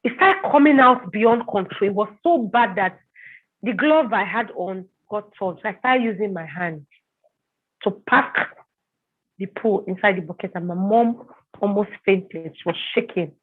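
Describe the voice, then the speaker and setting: A woman telling an emotional personal story as an interview guest, halting and repeating words when upset. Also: medium pitch, animated, slightly rough. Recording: tinny phone-like line.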